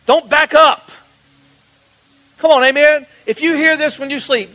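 A male pastor preaching a sermon, calling on the congregation to answer back and building to loud, emphatic peaks. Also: very high-pitched, steady tone, a little slow, poor audio. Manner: call-and-response preaching, rising to shouts.

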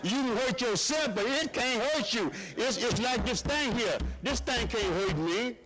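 High-voiced preacher calling out. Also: male voice, animated, unhurried, rough recording. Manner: call-and-response preaching, rising and dropping pitch. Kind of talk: sermon.

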